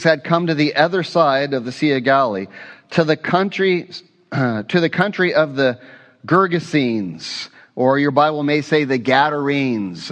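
Pastor preaching in an echoey hall. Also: male voice, fairly high pitch. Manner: conversational, asks the congregation questions. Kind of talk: expository sermon.

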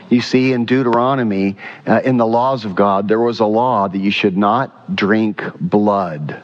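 Animated male pastor preaching. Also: on the low side, a little slow, hardly any pauses, dull audio. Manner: animated, quizzes the congregation. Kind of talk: sermon. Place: church sanctuary.

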